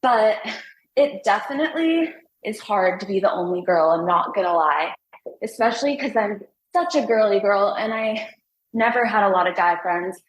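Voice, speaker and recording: A woman's voice: mid-range voice, animated, normal speed, a little hiss or hum, rough recording. A young woman from the United States chatting as a guest in an interview, upbeat and laughing often, a little out of breath. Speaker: singer and guest. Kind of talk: casual interview chat.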